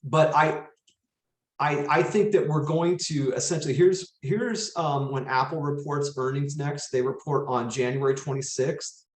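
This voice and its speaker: A man's voice: a little high, fairly even intonation, measured pace, echoey room. A man from Las Vegas co-hosting a casual market chat, rambling with many restarts. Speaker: co-host.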